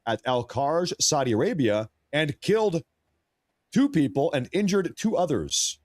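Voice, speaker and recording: A man's voice: on the high side, big pitch swings, unhurried, no echo. An American man hosting a livestream, giving casual news commentary in a blunt, crude, joking way. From United States. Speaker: livestream host.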